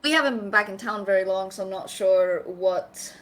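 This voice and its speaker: A woman's voice: mid-range voice, normal speed, a bit bright, low-quality recording. Earnest woman tabletop player. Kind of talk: casual chat in a tabletop game.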